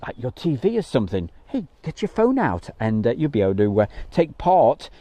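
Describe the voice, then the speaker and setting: With a West Midlands accent, a man from Wolverhampton chats loosely on a live airshow stream from an airfield, wandering through his points with many fillers. His pitch sits in the middle but swings hugely, his pace is a little quick, and his dark tone comes through on a dry recording.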